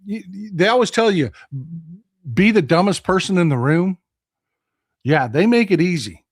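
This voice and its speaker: A man hosting a livestream, telling stories in an excitable, animated way with loud exclamations. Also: a little high, no room sound, studio quality. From Texas. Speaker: livestream host. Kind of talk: casual chat.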